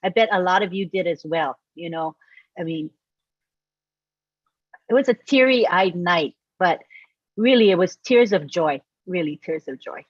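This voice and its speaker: A woman hosting a livestream, warmly thanking and introducing speakers. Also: fairly low pitch, expressive, unhurried, pauses often, no echo, lo-fi sound. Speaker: livestream host. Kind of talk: casual hosting.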